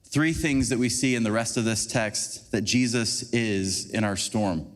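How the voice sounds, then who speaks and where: A man giving a conversational, animated sermon as a preacher, acting out little scenes for the congregation. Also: fairly low pitch, measured pace. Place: church sanctuary. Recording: long church hall reverb.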